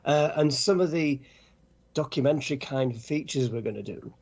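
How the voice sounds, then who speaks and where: An older British man, a podcast co-host and cycling author, chatting casually in a halting way with many restarts. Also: mid-range voice, a little mellow, dull audio. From Britain. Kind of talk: casual chat.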